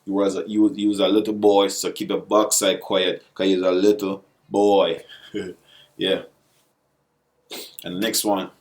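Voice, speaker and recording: A vlogger with a deep voice and Jamaican accent teaches basic patois phrases in a laid-back video lesson, saying each example in dialect and then in plain English. His tone is level and a little mellow, with a measured pace and long pauses.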